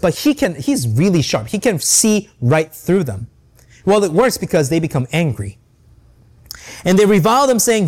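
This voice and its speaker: A man's voice: a little high, darkish tone. A man teaching a Bible passage verse by verse, reading scripture aloud and often checking in with "right?". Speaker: preacher.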